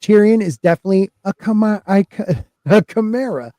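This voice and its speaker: Playful high-voiced man on a podcast. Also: moderate pace, dark tone, no room sound, studio quality. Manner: playful, laughing, reads aloud with put-on emphasis. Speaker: podcast host reading fan theories. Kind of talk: casual podcast chat.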